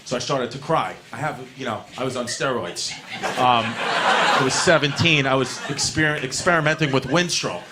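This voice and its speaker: A man's voice: medium pitch, moderate pace. A male stand-up comedian in his thirties with a New York accent, telling a brash, profane, self-mocking story in a rambling rush. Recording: comedy club set with audience noise.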